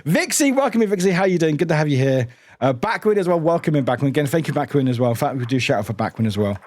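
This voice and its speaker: A man's voice: fairly high pitch, animated, racing, darkish tone. A young British man casually chatting with his live-stream viewers, greeting them by name and laughing often.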